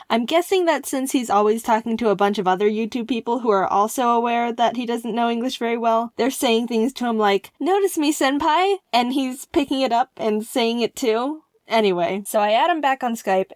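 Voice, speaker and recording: Excitable woman telling a funny story. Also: a little high, no room sound, clean studio sound. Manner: excitable, animated, self-mocking. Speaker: animation storyteller. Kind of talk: comedic storytime narration.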